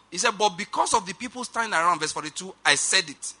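Male preacher, high and very bright voice, emphatic sermon delivery, drawn-out scripture reading, quick asides to the congregation. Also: lively intonation. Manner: emphatic, slows down for quoted scripture; rushed asides, calls on congregation to repeat.

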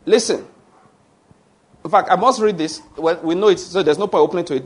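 Emphatic preacher, fairly high voice. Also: male voice, fairly quick, long pauses, slightly rough. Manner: emphatic, asks the congregation questions and answers them; digressive, with restarts and fillers. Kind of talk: sermon.

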